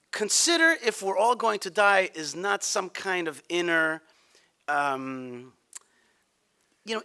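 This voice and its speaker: Emphatic high-voiced man on a conference panel. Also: pushed and bright. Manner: blunt, emphatic, with frequent restarts. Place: conference hall.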